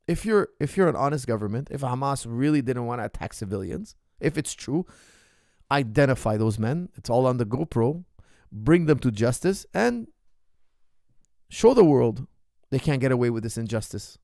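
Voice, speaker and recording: Male coach-host, impassioned emphatic monologue, middling pitch, dry recording. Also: lively intonation, moderate pace, no room sound. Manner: emphatic, repetitive, rising to forceful outbursts. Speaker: martial arts coach hosting a Q&A.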